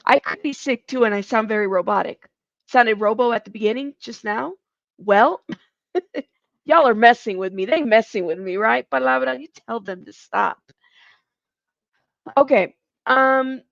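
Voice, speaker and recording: A woman hosting a live true-crime commentary stream, chatty and animated, laughing between lines, heard through a home streaming mic. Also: a little high, gravelly, dry recording. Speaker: livestream host. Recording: dull lo-fi stream mic audio.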